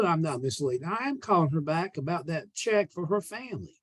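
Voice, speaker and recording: A man's voice: fairly high pitch, dry recording. A man with a Southern American accent giving a sales coaching talk, plainspoken and emphatic as he walks through example phone calls. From United States. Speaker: sales trainer.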